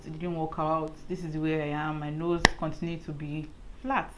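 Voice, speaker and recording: A woman's voice: deep voice, flat delivery, normal speed, loud music behind the voice. A young woman vlogging to camera in her own room, chatting earnestly and saying "like" a lot. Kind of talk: casual chat to camera. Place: indoors at home, lit by a ring light.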